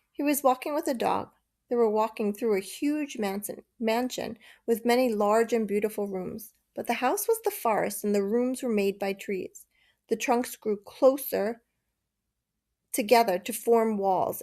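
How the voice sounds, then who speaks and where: A woman reading a children's novel aloud, steady and measured. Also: mid-range voice, vocal fry. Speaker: narrator. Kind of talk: storybook reading.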